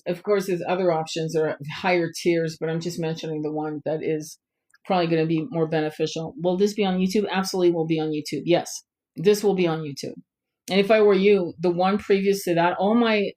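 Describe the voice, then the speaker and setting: A woman hosting a spiritual live stream, guiding a soft, slow meditation and then chatting loosely with many fillers. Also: on the low side. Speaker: spiritual tarot channel host.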